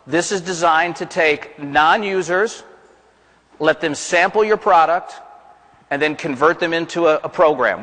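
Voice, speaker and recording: A man's voice: fairly high pitch, a bit bright. Folksy man presenting in a conference hall. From American South. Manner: folksy, plain-spoken, asks the room questions. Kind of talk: seminar presentation to an audience. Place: large conference room.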